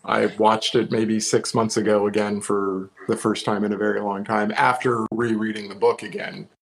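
A man's voice: lowish voice, flat delivery, normal speed, gravelly, low-quality recording. A man co-hosting a horror movie podcast, chatting casually and hesitantly, often restarting his sentences. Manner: hesitant, lots of fillers and restarts. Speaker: podcast co-host. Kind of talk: casual chat.

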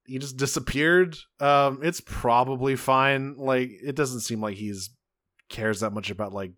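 A man's voice: medium pitch, a little slow, a bit bright. A man co-hosting a podcast, recapping a game story in a laid-back, joking way and leaning on "you know". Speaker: podcast co-host. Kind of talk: casual recap chat.

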